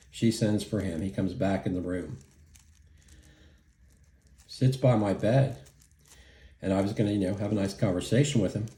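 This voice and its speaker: A man's voice: fairly low pitch, warm tone. A middle-aged man telling a story in a casual vlog, indignant and profane, rambling with lots of fillers. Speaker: vlogger. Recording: echoey room.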